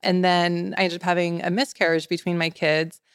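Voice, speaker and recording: A woman's voice: fairly low pitch, normal speed, clear, resonant tone, no echo, studio quality. A woman in her forties, a wellness expert guest, telling stories in casual podcast chat with lots of "like" fillers. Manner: animated storyteller, many "like" fillers.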